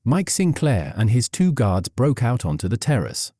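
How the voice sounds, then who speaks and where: A man giving scripted documentary narration in a measured, storytelling delivery. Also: mid-range voice, wildly swooping pitch, dark tone, slightly rough, no echo, clean studio sound.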